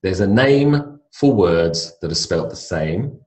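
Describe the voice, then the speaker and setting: Australian male teacher, low voice, deliberate and repetitive delivery, roomy echo. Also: expressive, darkish tone. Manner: slow, deliberate, repeats words for emphasis. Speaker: English pronunciation teacher. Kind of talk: recorded online lecture.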